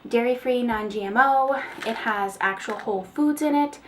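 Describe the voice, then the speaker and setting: A woman's voice: on the high side, normal speed, a little hiss or hum. A woman chatting casually through a product haul, rambling with fillers and small laughs. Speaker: beauty vlogger. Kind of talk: casual haul video chat.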